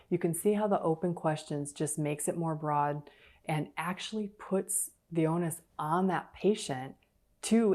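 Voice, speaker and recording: Low-voiced woman giving a lecture. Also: darkish tone. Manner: explains step by step, acts out patient and clinician lines. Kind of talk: recorded virtual lecture.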